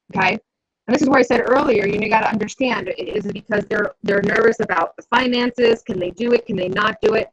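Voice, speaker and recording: Woman coach talking to camera, kinda husky and a bit high, dull lo-fi sound, keeps asking "right?". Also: fairly quick. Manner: conversational, keeps checking in with the listener. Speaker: business coach. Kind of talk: instructional talk to camera. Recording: dull lo-fi recording.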